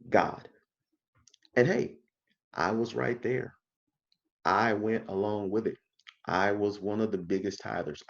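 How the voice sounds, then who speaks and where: A man's voice: deep voice, gravelly, highs cut off. A man teaching a casual Bible study, emphatic and full of rhetorical questions.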